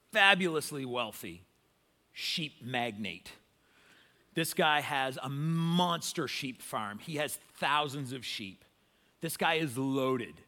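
A man preaching a sermon in a casual, animated, storytelling way, talking straight to parents. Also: on the high side, big-room sound. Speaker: pastor.

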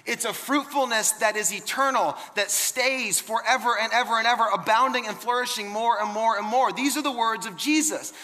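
Male pastor, high voice, conversational sermon, long hall reverb. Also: moderate pace, few pauses, bright, forceful tone. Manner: emphatic, conversational preaching with repeated words and restarts.

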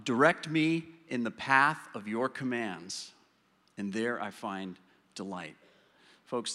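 A man telling a self-deprecating story from the pulpit, his voice bright and forward. The sound carries a long reverberant tail from a church hall. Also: lowish voice. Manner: storytelling, self-deprecating, slows and softens for the lesson. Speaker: church speaker sharing a story. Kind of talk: sermon story.

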